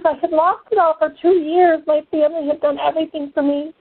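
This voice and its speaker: A woman giving an emotional personal testimony to a class, an impassioned storyteller who swings between hushed and excited. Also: sits high, a little fast, few pauses, no echo. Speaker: essential oils class speaker. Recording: tinny phone-like dry sound.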